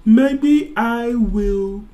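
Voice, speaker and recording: A woman voicing a dim-witted schoolboy in an amateur animation, talking slowly and dopily. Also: a little high, mellow. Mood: glum. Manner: slow, dopey.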